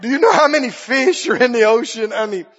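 A man preaching a sermon emphatically, repeating phrases and rising into shouts. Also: extremely high pitch, expressive, a little fast. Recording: dull lo-fi recording.

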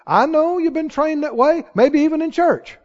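A man preaching a sermon in a church, acting out the quoted voices of others and rising to shouts of conviction. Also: very high-pitched, normal speed. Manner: animated, acts out quoted voices, rises to shouts. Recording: reverberant hall, dull lo-fi sound.

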